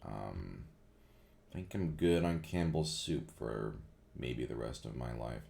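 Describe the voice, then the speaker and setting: A man's voice: rumbling low, takes it slowly, vocal fry, a little mellow. A man, a voice actor, casually answering viewer questions and rambling with lots of fillers and restarts. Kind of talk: casual Q&A chat.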